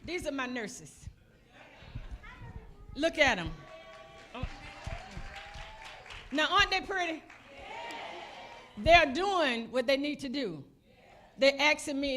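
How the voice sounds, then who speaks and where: Woman, high voice, bright tone, playful joking introduction in church. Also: unhurried, long pauses. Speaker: mother introducing the speaker. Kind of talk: casual stage introduction. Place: church stage.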